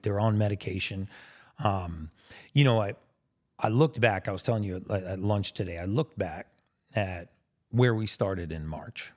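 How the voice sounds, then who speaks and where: A man's voice: low voice, a little mellow. A man hosting an interview, talking casually and affirming his guest, with lots of "you know". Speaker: host.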